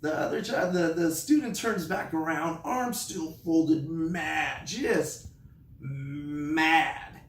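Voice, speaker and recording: A man who teaches online, telling a story in a casual vlog with animated delivery. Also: a little high, slow pace, echoey room, recorded from a distance. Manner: animated, acts out his classroom voice.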